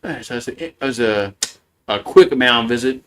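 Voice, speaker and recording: A man doing casual live play-by-play, rambling between pitches, repeating words and chuckling often. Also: normal speed.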